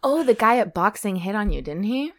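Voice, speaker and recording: A woman's voice: medium pitch, very animated, fairly quick. A woman co-hosting a podcast in casual, laughing banter. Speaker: podcast co-host. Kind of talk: casual chat.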